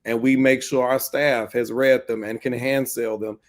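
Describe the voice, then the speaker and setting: A man's voice: mid-range voice, flat delivery, moderate pace. A man who owns a comic shop speaks earnestly in a casual panel chat, often repeating words as he builds his point.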